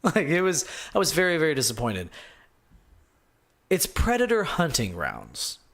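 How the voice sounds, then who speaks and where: A young man hosting a casual solo gaming podcast, rambling and excitable, swinging between low muttering and loud outbursts. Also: unhurried, gravelly. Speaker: podcast host.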